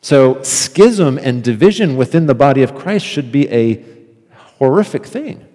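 A man of ordinary pitch delivers a lecture with earnest emphasis, often hammering a phrase several times. His voice carries a long reverb from a large hall. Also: animated, unhurried, dark tone. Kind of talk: evening lecture on theology.

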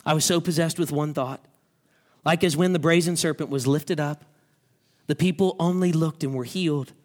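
A male pastor delivering a sermon in a voice that sits a little high. He tells a story earnestly and turns to put direct questions to his listeners.

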